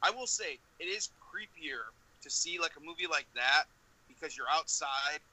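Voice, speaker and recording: Higher, very bright hesitant man. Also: moderate pace, low-quality recording. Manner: hesitant, searching for words. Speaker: podcast co-host. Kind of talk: casual chat.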